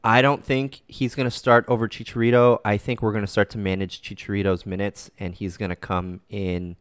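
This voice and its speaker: A man hosting a casual soccer fan podcast, relaxed and rambling, with lots of fillers and easy laughs. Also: on the low side, brisk, clean tone, no echo, clean studio sound. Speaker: podcast host.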